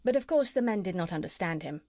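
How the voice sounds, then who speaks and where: A woman narrating a classic children's story as an audiobook reader, steady and clear. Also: on the low side, fast, dry recording. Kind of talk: scripted narration.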